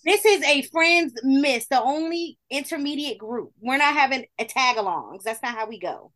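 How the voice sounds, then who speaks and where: Blunt high-voiced woman podcaster. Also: expressive, normal speed, fairly bright tone. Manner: blunt, profane, emphatic. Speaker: podcast co-host. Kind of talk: casual chat.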